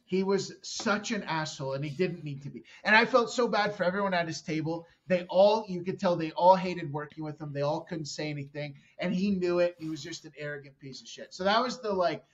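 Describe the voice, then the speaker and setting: A man's voice: on the high side, brisk, few pauses, muffled recording. A man guesting on a podcast, telling a story bluntly and with plenty of swearing. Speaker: comedian guest. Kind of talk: casual podcast chat.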